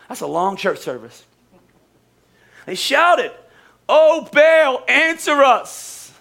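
A man, a pastor preaching a lively, joking sermon in a church service, repeating phrases for emphasis. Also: high-pitched, creaky.

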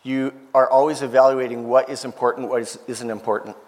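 A man's voice: medium pitch, fairly even intonation, a little fast, darkish tone. A man telling an emotional story in a sermon, earnest and heartfelt, acting out the voices of the people he quotes. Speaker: preacher. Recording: long hall reverb.

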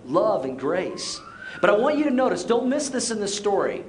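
A middle-aged man preaching to his congregation in a church auditorium, with a notably high voice. He tells stories lively, voices the people in them, and slows to a deliberate pace for emphasis. A faint room ambience sits under the recording. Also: slight background noise. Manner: storytelling, acts out quotes, shifts to slow emphatic lines. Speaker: pastor. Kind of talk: sermon with personal story.

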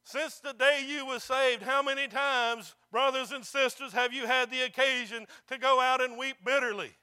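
A man preaching a sermon in a strikingly high, piercingly bright voice. His tone is smooth and resonant as he presses his points and calls out for amens from the congregation. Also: fairly even intonation, normal speed, few pauses. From not local to the congregation. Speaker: pastor.

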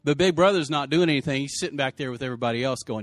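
A male pastor preaching a sermon, telling the story in lively, casual slang and acting out the people's lines. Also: mid-range voice, very fast, no echo.

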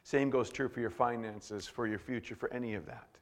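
A male pastor preaching a sermon, swinging from hushed, slow words to shouted bursts. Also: medium pitch, long reverb tail.

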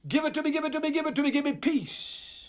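A hollering, anguished preacher. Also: male voice, very high voice, fast. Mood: pleading. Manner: pleading, hollering prayer. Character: anguished male preacher shouting at God at night. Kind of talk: film drama.

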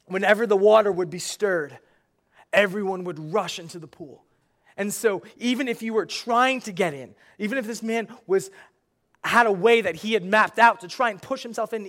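A young man preaching a sermon in a conversational way, swinging between loud emphasis and soft, intimate lines. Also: high-pitched.

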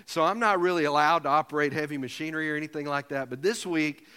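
A man delivers a sermon as a pastor, his voice high and bright as he tells a funny, self-mocking story. The sound rings with a long reverb from a church sanctuary. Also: fast, clear, resonant tone.

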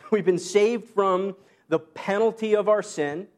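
A male pastor with a high voice takes his time through a relaxed, conversational sermon full of short laughs and self-deprecating asides. His voice goes higher still when he quotes Paul.

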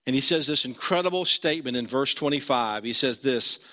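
A man preaching a sermon as pastor, earnest, rising high when he urges and dropping low and slow for emphasis. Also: bright, forceful tone, long reverb tail.

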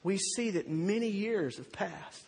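A male preacher giving a sermon, telling a story in an animated way and slowing down for emphasis. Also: sits high, gravelly, breathy edge, in a large hall.

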